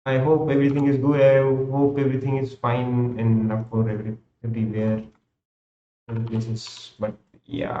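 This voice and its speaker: Chatting on a live stream while he works, a young Indian English-accented man speaks in a warm, mid-range voice and thinks out loud, rambling and frequently restarting or repeating himself. Slight background noise runs under a roomy, somewhat dull home recording.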